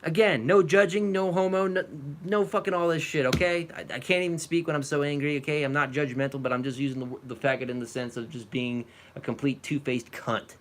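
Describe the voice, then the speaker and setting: A man's voice: fairly high pitch, fairly even intonation, a little fast, few pauses, slight background noise. Furious, foul-mouthed ranting man. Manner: furious and profane, at times shouting. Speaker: reaction video host. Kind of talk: angry rant reacting to a clip.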